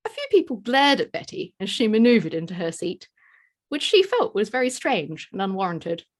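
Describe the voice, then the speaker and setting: A woman's voice: medium pitch, big pitch swings, moderate pace. A woman reading a story aloud as narrator, giving small voice shifts to quoted characters. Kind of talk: scripted narration.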